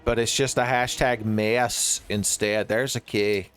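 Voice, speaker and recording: A man's voice: lowish voice, steady tone, a little slow, a bit bright. A man giving joking, rambling commentary while he plays a horror game, often laughing at his own jokes. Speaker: streamer playing a horror game.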